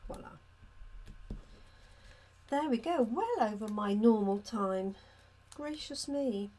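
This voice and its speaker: While crafting cards during a live demonstration, a chatty woman greets her viewers by name and responds to their comments. She speaks slowly in a slightly high, mellow voice with lively intonation.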